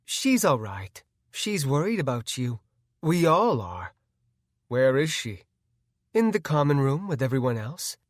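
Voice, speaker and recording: Male reader as a gentle, worried young woman; slow and soft, dry studio. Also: medium pitch, sing-song, no room sound. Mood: concerned. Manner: hesitant, gentle. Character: young adult woman guildmate, apprehensive and caring.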